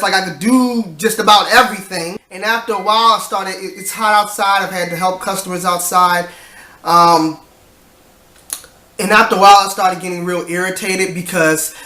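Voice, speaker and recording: A man's voice: sits high, sharp tone, reverberant. A tired young man, rambling and sighing as he tells a vlog story about his work day. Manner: tired, rambling, frequent restarts and sighs. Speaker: vlogger.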